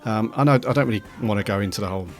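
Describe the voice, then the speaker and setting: A man's voice: on the low side, racing, faint music behind. A man hosting a podcast he started, talking in an easygoing, rambling way with many ums as he thanks listeners. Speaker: podcast host and founder. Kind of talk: casual chat.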